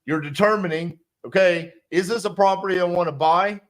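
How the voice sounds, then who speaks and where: A man's voice: high-pitched, moderate pace. A man coaching sales who breaks down a calling script bluntly and emphatically, with some profanity. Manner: acts out both sides of phone calls. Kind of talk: instructional commentary on a sales script.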